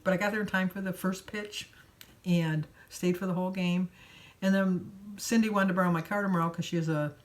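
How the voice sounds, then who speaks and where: A woman's voice: fairly low pitch, steady tone, brisk. An older woman from Michigan telling a long, rambling everyday story as a vlogger. She chats casually and laughs between sentences. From Michigan, USA.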